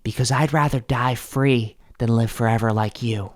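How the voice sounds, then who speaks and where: A man voicing a young male villager boy who is desperate and defiant, with high, shrill pleading cries. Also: steady tone, normal speed, lightly acted. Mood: bitter.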